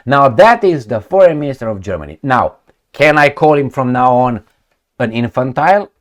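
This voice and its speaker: A man hosting a solo political commentary, talking in an animated, mocking way with frequent restarts. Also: mid-range voice, normal speed.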